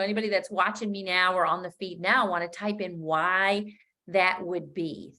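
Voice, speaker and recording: A woman's voice: lowish voice, fairly bright tone. Upbeat middle-aged woman coaching live. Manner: chatty and upbeat, laughs at her own slips; loose and unscripted, with frequent fillers and restarts. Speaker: business coach. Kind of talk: live-streamed coaching talk.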